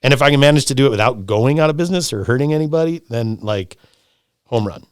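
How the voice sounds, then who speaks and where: A middle-aged man in casual podcast conversation, talking in an animated, rambling way, swearing freely and repeating himself. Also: medium pitch, fast talker, clean tone, no echo, studio quality. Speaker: lodge owner, podcast guest.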